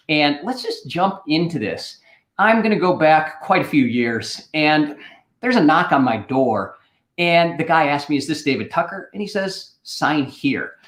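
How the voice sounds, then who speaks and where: A middle-aged man spins a casual anecdote on a livestream and keeps tossing in "right?" as he goes. His voice sits a little high. The room around him rings noticeably. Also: reverberant. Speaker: host.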